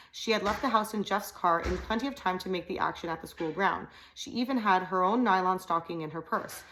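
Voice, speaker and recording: A woman reads a novel aloud in a steady, plain way. Her voice sits slightly low, and she now and then trips over a word before going on. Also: rough recording. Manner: steady reading with small slips. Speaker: audiobook reader.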